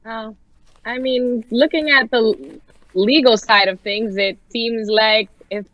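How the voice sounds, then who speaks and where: A woman's voice: on the high side, fairly even intonation, slow pace, a bit bright, no echo, dull audio. A woman co-hosting a live talk show, chiming in with short casual reactions and comments. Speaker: show co-host. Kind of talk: casual chat.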